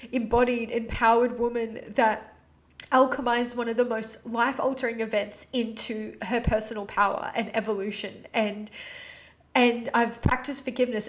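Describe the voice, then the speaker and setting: A woman hosting her own podcast, talking candidly and emotionally in a casual, heartfelt way, with "you know" and "like" scattered through her speech. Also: a little high. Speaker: podcast host. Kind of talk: personal confessional podcast talk.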